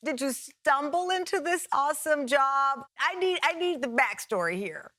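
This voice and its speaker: A woman hosting a talk show, lively and playful as she introduces a guest and chats. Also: high-pitched, normal speed, no echo, studio quality.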